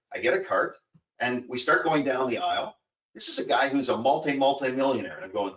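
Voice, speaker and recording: A man's voice: medium pitch, expressive, quick pace, a bit bright. A man co-hosting a casual talk, telling stories earnestly and rambling a bit with fillers. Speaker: co-host. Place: home in Florida. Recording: echoey distant lo-fi recording.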